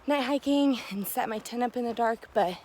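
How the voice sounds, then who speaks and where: A woman's voice: a little high, normal speed, a little mellow, a little hiss or hum. A woman vlogging casually outdoors while hiking a long trail, talking with lots of fillers and a little out of breath. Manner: chatty, filler-heavy, laughs often. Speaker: thru-hiker vlogger. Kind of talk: casual vlog chat.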